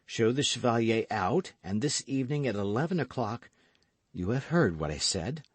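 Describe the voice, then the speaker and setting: A man reading an audiobook voices a cold, scheming noblewoman who coaxes and commands, in a soft, measured way. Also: mid-range voice, expressive, breathy edge, no room sound. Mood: commanding.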